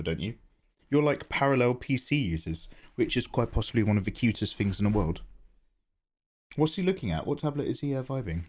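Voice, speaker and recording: A man's voice: medium pitch, sing-song, brisk, darkish tone. A man chatting casually on a live stream while he draws, thinking aloud and greeting viewers by name. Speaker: livestreaming artist.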